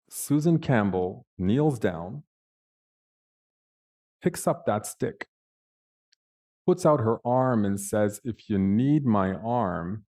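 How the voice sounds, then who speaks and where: A man's voice: mid-range voice, warm tone. A man on a panel telling a personal story in a vivid, dramatic way with big swings in emphasis. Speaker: panel speaker.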